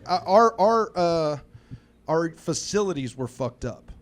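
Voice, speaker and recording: A man from Missouri with a slightly high voice tells a story on a live comedy stage. He rambles and swears, animated as he goes. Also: slow, slight background noise. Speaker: comedian co-host.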